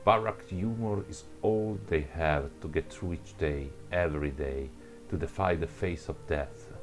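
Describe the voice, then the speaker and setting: A man's voice: low voice, measured pace, over music. A man with another first language reading a second-person adventure story aloud, stumbling and restarting words. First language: not English. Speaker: narrator.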